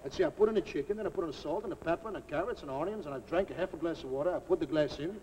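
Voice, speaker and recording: Racing along in a fairly high, natural voice, a man portrays a boisterous, middle-aged, mock-Italian cook for a live TV comedy sketch. His delivery is excitable broken English peppered with Italian-sounding double-talk. The sound comes from a scratchy, hissy 1949 TV recording.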